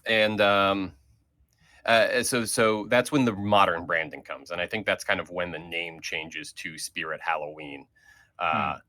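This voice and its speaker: A man's voice: deep voice, measured pace, bright, forceful tone. A man leading a casual group chat as host, talking in a rambling way with many fillers and restarts.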